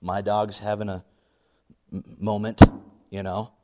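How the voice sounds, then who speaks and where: A young man, a pastor, preaching a sermon and telling a lively personal story. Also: lowish voice, unhurried, very noisy. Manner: animated storytelling, rising when excited.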